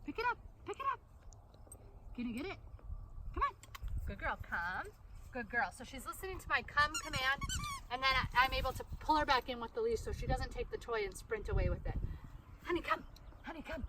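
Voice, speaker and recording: A woman's voice: high-pitched, animated, fairly quick. A woman demonstrating dog training, coaxing commands to her dog between upbeat explanations. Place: outdoors with a dog. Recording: distant mic, loud outdoor noise.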